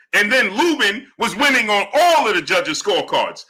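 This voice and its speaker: Animated bright-voiced male boxing streamer. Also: normal speed, few pauses, slightly rough. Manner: animated, repeats "right?" and "you understand?"; low mumbled shout-outs to viewers. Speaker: livestream host. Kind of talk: live boxing commentary and chat shout-outs.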